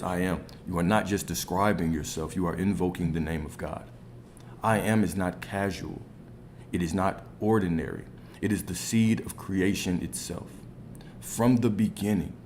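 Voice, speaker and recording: Deep-voiced man teaching spiritual lessons. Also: a little hiss or hum. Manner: conversational, many rhetorical "right?" checks. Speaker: spiritual coach.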